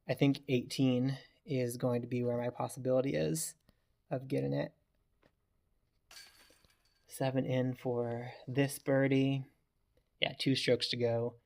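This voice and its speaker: Brief: male gaming creator, talky play-by-play, mid pitch, loud groans at misses. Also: gravelly. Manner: chatty, reacts loudly to bad throws. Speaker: gaming YouTuber. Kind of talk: casual gameplay commentary.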